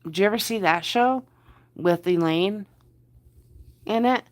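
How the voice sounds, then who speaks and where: A woman's voice: medium pitch, measured pace. A woman with a New Jersey accent hosting a casual livestream from bed, chatting with viewers, greeting them by name and repeating her words. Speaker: livestream host. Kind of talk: casual live chat with viewers. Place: in bed under the covers.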